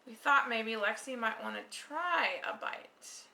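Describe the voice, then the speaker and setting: A woman's voice: a little high, animated, measured pace, gravelly, pushed and bright, a little hiss or hum. A woman hosting a home baking vlog in her kitchen, patiently giving step-by-step instructions and coaching a child. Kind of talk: casual baking demonstration.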